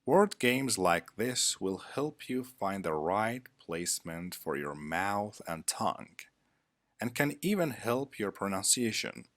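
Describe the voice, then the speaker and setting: A male English teacher delivers a scripted lesson with measured, deliberate pacing and lively pitch movement. His voice is very deep and bright at once, captured in a dry, close recording.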